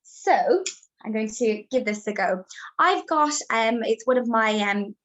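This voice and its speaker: A woman's voice: a little high, expressive, measured pace, fairly bright tone, lo-fi sound. A woman, a birth educator, giving a chatty, reassuring live demonstration and showing each step as she talks.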